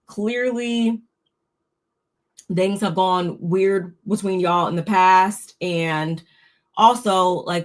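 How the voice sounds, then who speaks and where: A woman giving a casual, opinionated recap of a reality show, talking freely with frequent restarts. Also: lowish voice. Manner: chatty, opinionated, restarts often. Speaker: recap host.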